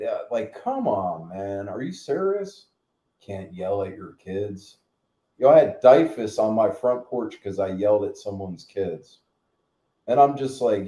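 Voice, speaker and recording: A man's voice: mid-range voice, lively intonation, unhurried, warm tone. A middle-aged man hosting a channel, ranting in a blunt, profane, rambling way. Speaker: channel host. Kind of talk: casual rant. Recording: echoey room.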